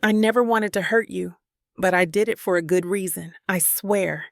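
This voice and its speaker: A woman's voice: medium pitch, moderate pace, creaky, no echo, studio quality, close to an everyday voice. A woman reading the lines of a remorseful adult sister, shaky and pleading as she apologizes.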